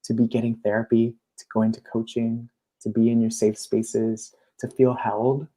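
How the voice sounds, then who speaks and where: A man, a coach and guest, talking in a casual, animated interview and acting out his clients' voices. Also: mid-range voice, moderate pace.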